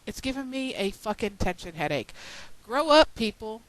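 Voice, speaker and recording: A woman's voice: medium pitch, lively intonation, brisk, rough recording. A woman ranting into a webcam at home, exasperated and sarcastic, swearing as she scolds her community. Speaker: video blogger. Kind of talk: frustrated webcam rant.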